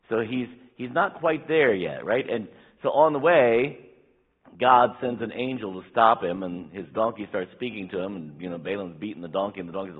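A man delivers a sermon from the pulpit, his low voice husky and a little rough. He builds to loud, emphatic peaks, then drops to quiet, close asides. The sound is thin and tinny, like a phone line. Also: animated, moderate pace. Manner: preaching with rising, emphatic bursts and quiet asides. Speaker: pastor. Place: church sanctuary. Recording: tinny phone-like church recording.

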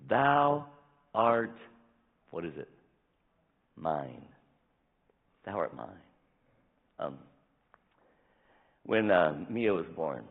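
Deep, husky-voiced preaching man. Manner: swings from loud emphatic lines to hushed, near-whispered asides. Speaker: pastor. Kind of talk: sermon. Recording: tinny phone-like sound.

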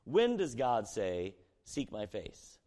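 Male pastor, mid-pitched voice, long-reverb room, reads scripture softly and then punches key lines, asks the room questions. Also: wildly swooping pitch, slow. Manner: questions the room, swings between quiet reading and loud emphasis. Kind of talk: sermon with scripture reading.

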